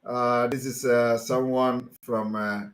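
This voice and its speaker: A man's voice: mid-range voice, level tone, slow pace. A man hosting a live call-in broadcast, laughing often and repeating his thanks. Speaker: host. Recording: echoey room.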